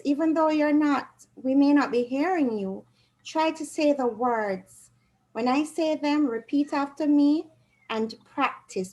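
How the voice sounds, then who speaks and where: A woman's voice: a little high, a little mellow, poor audio. Jamaican woman teaching Spanish online. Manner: patient, explaining step by step. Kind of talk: online class lesson.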